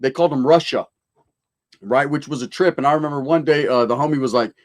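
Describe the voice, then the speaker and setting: A middle-aged man runs a relaxed livestream, greeting viewers and answering their questions one by one. His talk is easygoing and full of street slang, with Spanish words dropped in, and his voice sits at an ordinary middle pitch. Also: fast. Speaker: livestream host reading viewer comments. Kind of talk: casual livestream chat.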